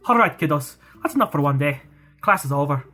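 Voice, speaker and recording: A woman's voice: sits low, expressive, a little fast, a bit bright. A woman voicing a playful, easygoing young male priest in a wobbly put-on Scottish accent, over faint game music. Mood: breezy.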